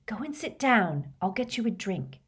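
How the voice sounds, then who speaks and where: A woman voicing an anxious teenage girl who pleads urgently in a high voice. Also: very animated, normal speed, slightly rough.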